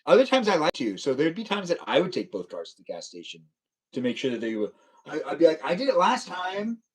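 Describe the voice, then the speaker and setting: Young male streamer, slightly higher voice, playful and teasing, casual chat with viewers. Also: sing-song, quick pace, breathy edge. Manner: playful, teasing, laughs often. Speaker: live streamer. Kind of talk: casual livestream chat reading viewer comments.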